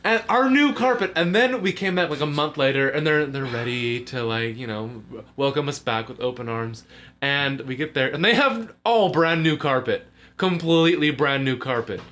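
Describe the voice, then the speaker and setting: A man's voice: medium pitch, animated, normal speed, fairly bright tone. A young man telling a long story to friends, rambling with lots of fillers and laughing through his words. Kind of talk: casual storytelling among friends.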